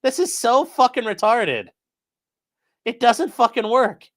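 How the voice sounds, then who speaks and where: Slowly but with lots of animation, a man with a very high voice hosts his channel. He tears into a court filing with incredulous, profanity-laced remarks, addressing his live chat as he goes.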